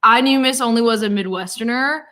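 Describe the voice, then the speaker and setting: A woman's voice: on the high side, bright, forceful tone. A young woman from Nashville, Tennessee, co-hosting a casual livestream chat in a playful, dramatic, teasing way. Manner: playful, dramatic, quick to tease. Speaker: co-host.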